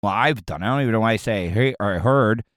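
A man's voice: fairly low pitch, quick pace, a bit bright, no echo, studio quality. A man hosting a radio show, riffing on a news story with crude, rambling jokes and frequent restarts. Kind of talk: casual comedic commentary.

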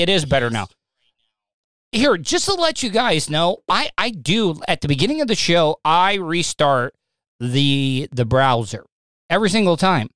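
Hosting his own live stream podcast on a streaming setup mic, a man talks casually and rambles, stammering into restarts with flashes of agitation. His voice is on the high side, very animated and a bit bright, at a measured pace, and the recording is dry.

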